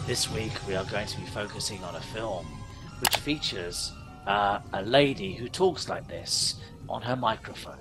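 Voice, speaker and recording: A man imitating a slow, hushed woman radio DJ, pushing his voice down into a husky, strained register. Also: fairly low pitch, over loud music, pitched below the performer's own voice, lightly acted. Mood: sultry.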